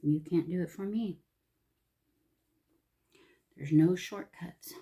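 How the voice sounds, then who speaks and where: A middle-aged woman with a drawl talks in a low, mellow voice. She chats casually and reflectively for her vlog, softly and from the heart, sometimes dropping almost to a whisper. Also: slow pace. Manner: soft-spoken and heartfelt, often dropping to a near whisper. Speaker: vlogger.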